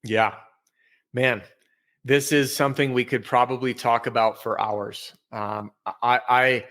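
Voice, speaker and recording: A man's voice: medium pitch, fairly even intonation, measured pace, a bit bright. A man as a podcast guest, telling his story in a candid, self-deprecating way.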